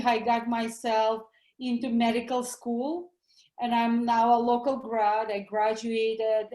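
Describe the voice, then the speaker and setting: A woman's voice: fairly high pitch, warm tone, roomy sound, poor audio. A middle-aged woman with a Russian accent, a doctor speaking as a guest in an interview, earnest and enthusiastic. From former Soviet Union. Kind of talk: interview over the line.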